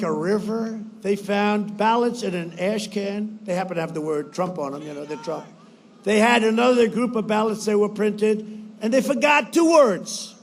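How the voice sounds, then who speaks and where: A man giving a rambling, boastful campaign rally speech, repeating phrases, shouting at times and mimicking others in quotes. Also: high-pitched, a little hiss or hum. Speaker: politician addressing supporters.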